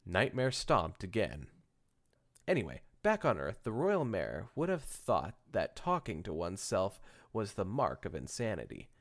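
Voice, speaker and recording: A low-voiced man reads fan fiction aloud for a podcast, breaking off for casual jokes with his co-host. His pitch moves around a lot, and he trips over words and corrects himself as he reads. The feel is relaxed, loose banter. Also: unhurried. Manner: joking, stumbles and corrects himself while reading.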